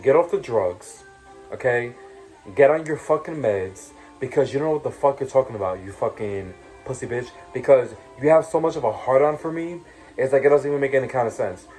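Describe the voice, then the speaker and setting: A man's voice: mid-range voice, lively intonation, fairly quick, a little mellow, faint music behind, rough recording. A young man telling his story in a casual vlog, ranting heatedly with lots of profanity and fillers like "you know what I'm saying". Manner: profane, heated rant with repeated taunts. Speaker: reality show cast member telling his story.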